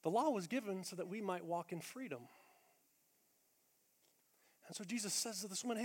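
A man preaching a sermon as pastor, blunt and energetic, swinging between loud emphatic lines and hushed quiet ones. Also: high-pitched, moderate pace, long pauses. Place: large church auditorium. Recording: long reverb of a large hall.

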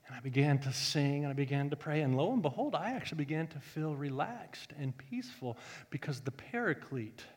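A male pastor telling a story in a sermon, joking and animated, swinging from loud bursts to hushed tones. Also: on the high side, brisk, in a large hall.

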